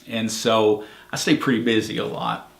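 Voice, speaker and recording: A man's voice: on the low side, very animated, moderate pace, vocal fry. A middle-aged man, a park ranger, telling stories in an easygoing, plainspoken way in an oral history interview, with many fillers. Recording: echoey room.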